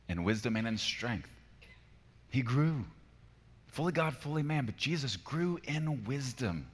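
Male pastor, forties, low voice; emphatic sermon delivery that swings soft to loud, long reverb of a large hall.

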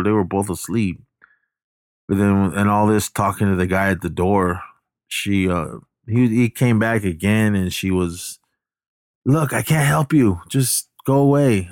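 Smooth low-voiced man rambling through a story. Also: no echo, studio quality. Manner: rambling, backtracks and corrects himself often; acts out the characters' lines in passing. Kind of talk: casual retelling of a film plot.

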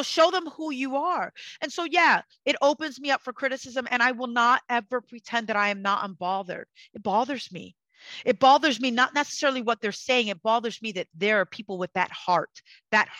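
A woman in a casual conversation, speaking passionately and forcefully about self-worth in a preachy, motivational way. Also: fairly high pitch, dry recording, rough recording.

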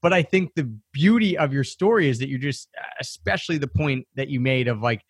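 A man's voice: medium pitch, fairly quick, husky, no echo, studio quality. A male podcast host thanking his guest and wrapping up in an upbeat, encouraging way. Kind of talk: casual interview chat.

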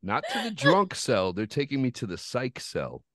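A man's voice: mid-range voice, moderate pace, no echo. A man hosting a podcast, telling a rambling, profane story in casual chat. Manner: profane, rambling, animated retelling. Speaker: podcast host.

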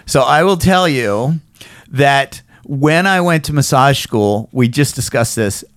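A man in his fifties with a hoarse frog in his throat, hosting a casual podcast in a rambling, self-deprecating way and swearing now and then. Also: medium pitch, expressive, slow, fairly bright tone, no room sound, studio quality. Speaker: podcast host.

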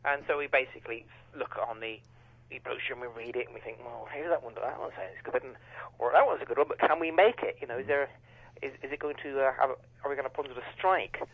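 A man's voice: mid-range voice, fast talker, creaky, slightly rough, no echo. A man talking as a radio guest, rambling and hesitant with a dry humour. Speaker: guest contributor. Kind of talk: casual radio chat. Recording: dull phone line.

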